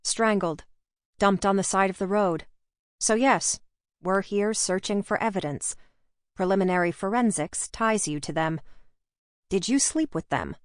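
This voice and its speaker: A woman reading the part of a brisk, unflappable female police officer in an audiobook, speaking in a matter-of-fact way. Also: medium pitch, dry recording, studio quality, natural voice.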